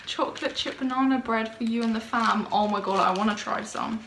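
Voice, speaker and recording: A woman's voice: on the high side, fairly quick, fairly bright tone. A young woman chatting casually to camera in her bedroom, bubbly and gushing. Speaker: vlogger. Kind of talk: casual vlog chat. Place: bedroom at home. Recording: roomy home recording with faint noise.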